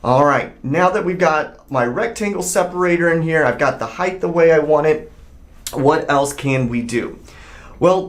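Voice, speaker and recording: A man teaching a screen-recorded software tutorial, explaining each step in a conversational way and thinking aloud as he works. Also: mid-range voice.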